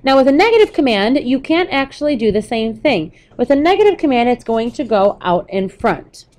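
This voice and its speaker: A young adult woman teacher talks students through grammar notes. Her voice sits a little high, and she explains patiently, step by step, with some "um"s. She speaks close to the mic. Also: very animated, brisk, a little mellow. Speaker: Spanish teacher. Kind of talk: recorded classroom lesson.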